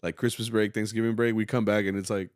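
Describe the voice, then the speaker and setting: A man's voice: fairly low pitch, little pitch movement, quick pace, clear, resonant tone, no echo, studio quality. A man who directs a school mariachi program, chatting casually on a podcast, rambling and laughing often and mixing in bits of Spanish.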